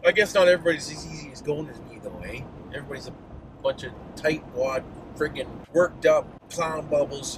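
A man's voice: on the high side, brisk. A middle-aged Canadian man vlogging while driving, ranting in a folksy, profane, mock-worked-up way. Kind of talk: casual driving vlog rant. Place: inside a moving car. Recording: noisy car interior.

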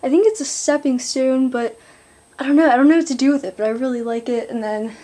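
A teenage girl in her bedroom, chatting to her camera in a rambling, excitable vlog while out of breath. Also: high-pitched, quick pace. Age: teens. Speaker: vlogger. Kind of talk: casual vlog chat.

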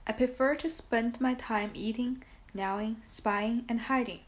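A woman's voice: on the high side, fairly even intonation, unhurried, close to an everyday voice. A crafty, greedy rat sneers in a storybook reading, voiced by a woman. He talks sourly and scornfully, clipped and self-satisfied. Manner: sour, scornful.

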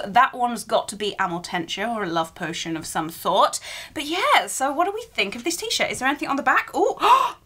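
A woman hosting a bubbly, playful unboxing video, chatting excitedly to her viewers. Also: a little high. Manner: bubbly, playful, gasps and exclaims.

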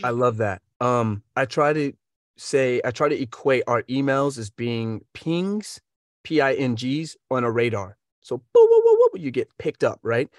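Energetic coach from the US, mid-pitched man, dry close recording, tosses in playful sound effects. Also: a little slow, no echo. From United States. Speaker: voiceover coach. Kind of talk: casual advice.

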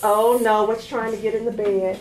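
A woman's voice: mid-range voice, moderate pace. A woman reading a picture book aloud at a library storytime, coaxing the children to join in. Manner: sing-song, animated, coaxing kids to join in. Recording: echoey room.

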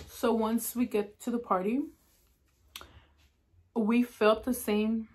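A woman hosting an eating show, telling a spooky story in a casual, chatty way, using "like" constantly and dropping to a hush at the eerie parts. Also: fairly high pitch, fairly even intonation, drawn-out words. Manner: chatty, heavy use of "like" fillers; drops to a hushed tone at eerie moments. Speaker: mukbang host.

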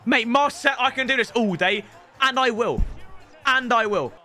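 A young man giving excitable, joking live commentary on a football video game, often breaking into yells. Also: very high voice, normal speed, faint music behind. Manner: excitable, joking banter with bursts of yelling. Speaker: gaming YouTuber.

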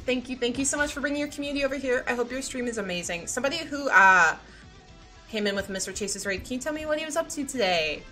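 A young woman streaming a block-building game, chatting casually and greeting her viewers excitedly. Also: high-pitched, quick pace. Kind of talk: casual live-stream chat. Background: faint background music.

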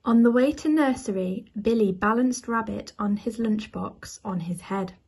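A woman reading a children's picture book aloud as a bedtime story, soft and measured. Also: medium pitch, slightly rough.

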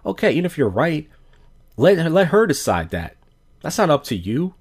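Animated, profane male podcast host. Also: on the high side, fast. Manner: blunt, profane, acts out dialogue. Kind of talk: casual storytelling rant.

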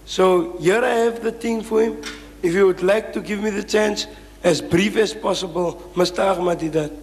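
A man's voice: high-pitched, normal speed. A man from the audience who keeps pushing to have his say. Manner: pushy, keeps trying to speak. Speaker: audience questioner. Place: lecture hall. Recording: echoey hall.

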